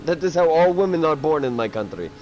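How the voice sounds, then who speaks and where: A man putting on a mock foreign accent, playing a boastful man from a far-off land who speaks broken English with a deadpan delivery. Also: a little high, fast talker, faint music behind, lightly acted.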